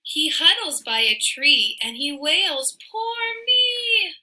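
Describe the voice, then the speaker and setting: A woman reading a children's picture book aloud in an expressive, sing-song way, with soft asides to the listener. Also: high-pitched, takes it slowly, poor audio. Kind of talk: read-aloud storytelling for children.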